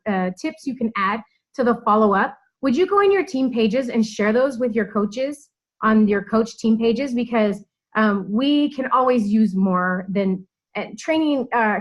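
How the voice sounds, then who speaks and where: Uma mulher que lidera uma reunião de equipe de coaches, falando de forma descontraída e animada, rindo com frequência. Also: female voice, a little high, highs cut off. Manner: chatty and upbeat, laughs often. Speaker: team leader hosting a coaches' call. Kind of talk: casual team meeting talk.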